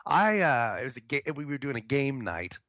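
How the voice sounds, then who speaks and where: A man's voice: medium pitch, very animated, moderate pace, a bit bright, no echo. A man co-hosting a comedy podcast, telling a story in a loose, profane way and acting out the people in it. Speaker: podcast co-host.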